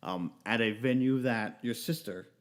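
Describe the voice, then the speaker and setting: A man's voice: medium pitch, normal speed. A man, a pro wrestler, telling a rambling anecdote on a casual livestream, with many fillers and restarts.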